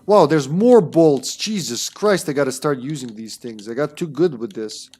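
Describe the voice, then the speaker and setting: A man's voice: medium pitch, animated, moderate pace, a little mellow. Casual young man streaming a game. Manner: casual, rambling, critical asides with mild swearing. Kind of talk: casual gameplay commentary.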